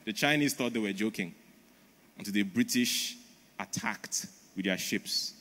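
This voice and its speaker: A man's voice: on the low side, moderate pace, fairly bright tone. A man preaching a conference sermon in an emphatic, storytelling manner, in a large church auditorium. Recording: long reverb of a large hall.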